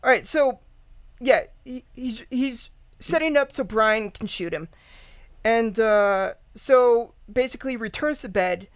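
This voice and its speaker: A woman's voice: fairly high pitch, lively intonation, a little slow, dry recording. A woman guest casually retelling a true-crime story, rambling with lots of fillers, laughing and swearing. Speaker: podcast guest.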